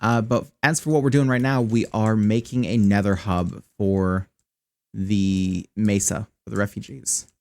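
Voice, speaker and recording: A man's voice: on the low side, fairly even intonation, a little slow, vocal fry, a little mellow. A man chatting wryly through casual live gameplay commentary, swearing when annoyed, on a close desk mic run through a voice changer app. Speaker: streamer.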